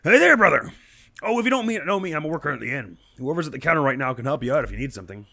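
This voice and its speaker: A man's voice: a little high, lively intonation, racing, gravelly, pushed and bright, dry recording, studio quality, voice pushed up, exaggerated voice. A man voicing an easygoing inn worker who avoids his wife, reading game dialogue in a raised, friendly voice. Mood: wry.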